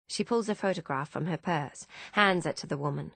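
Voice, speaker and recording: Low-voiced woman narrating an audiobook. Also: brisk, creaky, fairly bright tone, breathy edge, no room sound. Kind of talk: first-person audiobook narration.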